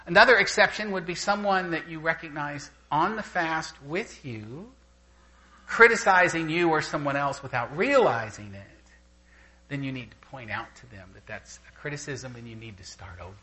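An older male preacher delivering a sermon in a high, bright voice. He tells stories in an animated way, swooping widely in pitch and chuckling along. His tone is forceful and sharp. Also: normal speed, slight background noise, low-quality recording. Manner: animated storyteller who laughs through anecdotes. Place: church gathering with a live audience.

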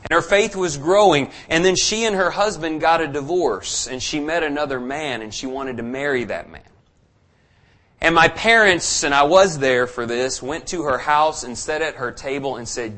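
A man delivers a sermon from the pulpit. His voice sits a little high for a man. He tells a personal story earnestly and presses his points with fervent emphasis. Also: normal speed, a bit bright. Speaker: preacher.

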